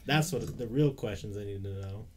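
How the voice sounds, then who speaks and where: A man's voice: on the low side, brisk, a little hiss or hum. A man in casual chat with friends, playful and joking.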